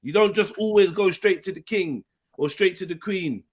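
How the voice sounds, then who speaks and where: Slang-heavy man, higher voice. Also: normal speed. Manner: animated, slang-heavy, acts out quoted voices. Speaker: panel host. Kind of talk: casual panel discussion.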